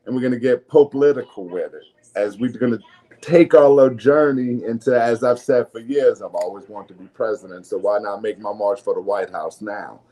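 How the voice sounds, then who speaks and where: A man's voice: lowish voice, a little fast, mellow. A man with a New Orleans accent hosting a casual podcast, talking loosely, laughing and swearing freely with frequent restarts. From New Orleans area. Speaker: podcast host.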